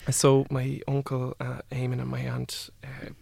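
A young man, a guest telling a personal story in a halting way full of "like" and "I was like". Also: mid-range voice, completely flat delivery, vocal fry, a little mellow, dry recording. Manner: halting, with many "like" and "I was like" quotes.

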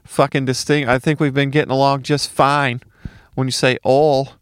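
A man's voice: medium pitch, little pitch movement, moderate pace, clear, resonant tone, no echo. A man from Mississippi with a light Southern accent, doing a casual solo comedy monologue, ranting with profane, sarcastic asides.

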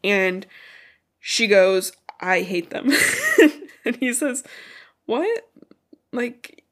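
A woman's voice: medium pitch, very slow, fairly bright tone. A congested woman with a stuffy nose, co-hosting a podcast and loosely recapping a book in casual chat, swearing as she goes. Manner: chatty, loose retelling with swearing and asides. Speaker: podcast co-host.

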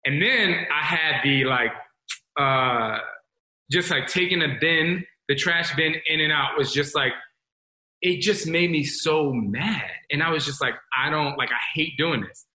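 A man in his forties with a bright, slightly high voice hosts a self-improvement talk, giving a candid motivational speech to an audience. He speaks unhurriedly in a rambling, confessional way, calling his listeners "y'all," and the recording has a roomy echo.

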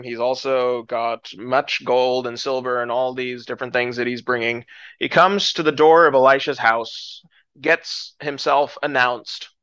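Male Bible teacher, bright dry close voice, animated storyteller acting out characters. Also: no echo, highs cut off. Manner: animated storytelling, acts out characters with rising pitch.

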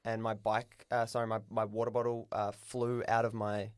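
A man's voice: fairly low pitch, flat delivery, moderate pace, no room sound, clean studio sound. A man co-hosting a podcast in casual chat, telling stories in a rambling, hesitant way with many fillers. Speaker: podcast co-host.

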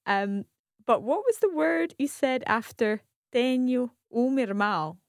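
A woman's voice: fairly high pitch, animated, a little slow, gravelly, dry recording, studio quality. Curious woman learner with Scottish accent. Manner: curious, careful, asks follow-up questions. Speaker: learner co-host. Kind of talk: language lesson podcast.

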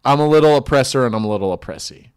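A man in casual comedic banter with a mid-range voice, pitched neither high nor low. He drops dry, offhand jokes and wanders into rambling asides. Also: expressive, very fast, clear, resonant tone. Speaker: podcast co-host.

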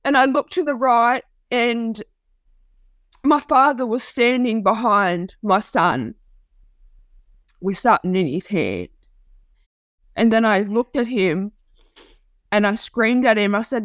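A woman giving a raw, halting personal account, often restarting and repeating herself. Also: a little high, no room sound. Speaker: interviewee telling her story. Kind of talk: personal testimony.

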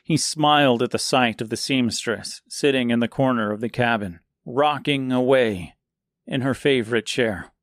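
A man reading a dark fairy-tale serial aloud in slow, measured scripted narration. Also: mid-range voice, dry recording, studio quality.

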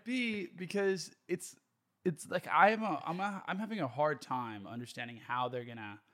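Male podcast co-host, casual chat, animated, laughs a lot, swears freely. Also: on the high side, normal speed.

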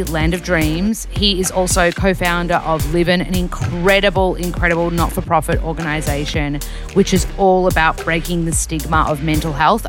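A woman with an Australian accent hosts a podcast interview, her voice sitting a little low. She speaks with effusive, bubbly enthusiasm. Music plays clearly in the background. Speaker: podcast host.

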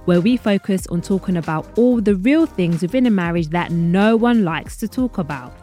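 A woman's voice: fairly low pitch, animated, normal speed, mellow, faint music behind. A woman, hosting her own podcast in a chatty, rambling way and laughing at her own asides. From London, England. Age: 30s. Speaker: podcast host. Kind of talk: casual solo podcast chat.

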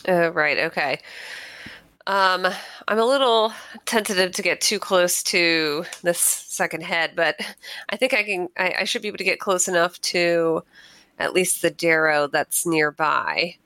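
A woman with a bright, fairly low voice talks through her turn in a tabletop game. She thinks aloud, catches herself and changes plans. The sound is dry. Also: a little slow, no room sound. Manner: thinks aloud, fillers, self-corrections. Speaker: player. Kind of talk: casual tabletop play.

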